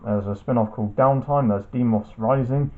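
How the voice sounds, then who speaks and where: A man's voice: medium pitch, moderate pace. A man in casual home-video chat, showing his shelf and naming items in a matter-of-fact way. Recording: tinny phone-like home recording.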